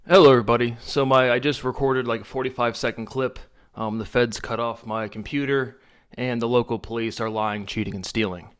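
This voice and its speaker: A man talks straight to his viewers in an agitated rush of accusations. His pitch is ordinary and mid-range. His complaints come across as urgent and aggrieved. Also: steady tone, brisk, smooth. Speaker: vlogger. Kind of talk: direct-to-camera vlog.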